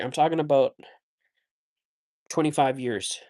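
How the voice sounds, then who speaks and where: A man's voice: on the high side, steady tone, moderate pace, long pauses, darkish tone. A man hosting a casual phone livestream while walking outdoors, a bit winded, chatty and joking as he answers chat. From Canada. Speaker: livestream host. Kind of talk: casual live chat reading viewer comments.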